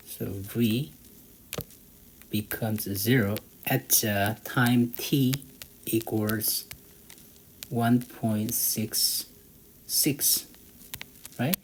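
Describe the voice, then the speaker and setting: Working through an exam problem, this math tutor thinks aloud as he taps at a calculator, his slow, halting delivery full of fillers. He speaks on the low side, and the rough recording carries faint background noise.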